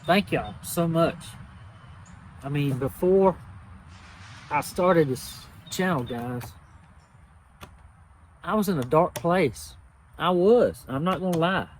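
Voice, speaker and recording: An older man speaks straight to his viewers in a casual, deeply felt way, circling back to the same words as he gets emotional. His voice sits a little high for a man, with a faint hiss of noise under it. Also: animated, slow pace, long pauses. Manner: emotional, humble, repeats himself. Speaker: knife channel host. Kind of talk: casual heartfelt talk to viewers.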